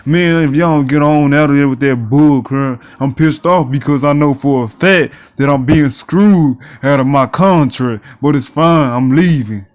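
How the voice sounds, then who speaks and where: Slightly high-voiced man ranting over a game. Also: a little slow, few pauses. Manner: exasperated ranting with slang; reads game text aloud. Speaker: gaming YouTuber. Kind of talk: casual gameplay commentary.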